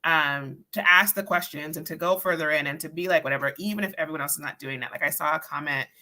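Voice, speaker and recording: A panel member in a casual chat, speaking haltingly with many ums and restarts. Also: mid-range voice, sharp tone. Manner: hesitant, many fillers and restarts.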